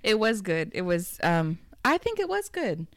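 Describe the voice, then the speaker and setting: A woman's voice: mid-range voice, wildly swooping pitch, normal speed, dry recording. Dry-sounding woman podcast co-host. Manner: teasing, laughs often, blunt. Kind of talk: casual chat.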